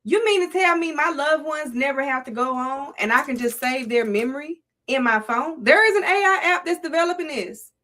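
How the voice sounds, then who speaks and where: A woman's voice: high-pitched, brisk, few pauses, pushed and bright. A middle-aged woman with a Southern US accent, hosting a casual livestream in a playful, preachy way and talking to her chat. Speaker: livestream host.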